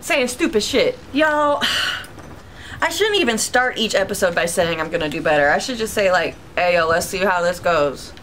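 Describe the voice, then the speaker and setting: A woman's voice: on the low side, lively intonation, normal speed, a bit bright, slight background noise. A young woman giving casual let's-play commentary, chatty and reactive, talking to her viewers with sudden yelps. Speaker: gaming YouTuber.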